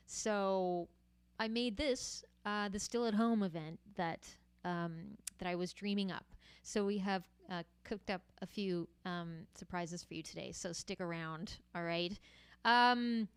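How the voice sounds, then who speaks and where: A woman chats casually to her livestream audience, friendly and loose with lots of little fillers. Her voice is smooth and clear at a middling pitch. The sound is dry and close, with no room around it. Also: measured pace, no echo. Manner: chatty and friendly, with frequent fillers. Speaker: musician hosting a livestream. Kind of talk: casual livestream chat to viewers.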